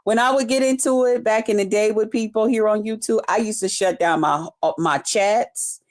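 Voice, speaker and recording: A woman's voice: medium pitch, moderate pace. A woman hosting a casual live stream, talking loosely and profanely to her viewers and greeting them by name. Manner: laughs often while greeting viewers. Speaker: livestream host reading her chat. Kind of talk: casual unscripted live chat.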